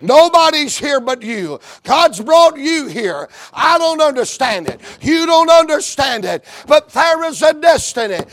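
A preacher with a strikingly high voice, taking his time and leaning on each word. He repeats his phrases in a steady rhythm and climbs into shouts. His sermon carries stretches of quoted back-and-forth dialogue. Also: unhurried, hardly any pauses. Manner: tells stories with quoted dialogue.

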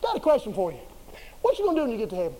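A male preacher with a strikingly high voice, delivering a folksy, joking sermon in plain everyday speech. He swings from quiet, low asides up to loud, ringing bursts, and a faint hiss sits under his voice. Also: wildly swooping pitch, very fast, rough recording. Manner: folksy, humorous, colloquial storytelling with sudden swings in loudness.

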